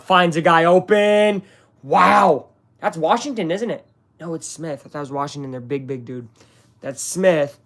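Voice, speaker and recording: A man hosts a live game watch-along stream, chatting through play-by-play commentary and reacting excitedly to the action as he talks to viewers. His voice is a little high.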